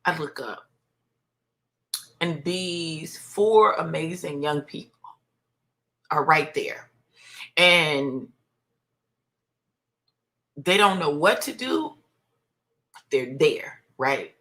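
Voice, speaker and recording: Casting: woman, 50s, low bright voice, heartfelt minister sharing testimony live on her phone. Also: very slow, long pauses. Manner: heartfelt, conversational, preacher-like, many fillers. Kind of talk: emotional personal testimony, live stream.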